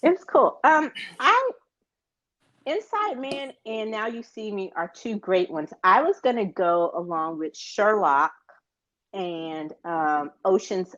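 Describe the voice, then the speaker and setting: A woman's voice: medium pitch, lively intonation, takes it slowly, a bit bright, no room sound. An American woman co-hosting a podcast in a casual, rambling chat, with many fillers. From United States. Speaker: podcast co-host. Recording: dull, dry lo-fi sound.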